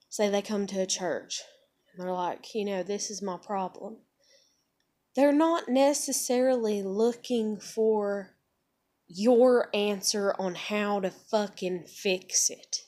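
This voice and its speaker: With a mellow, mid-range voice, a woman in her thirties vents her opinions angrily to the camera in a video blog. She swears a lot and keeps using "like" as filler.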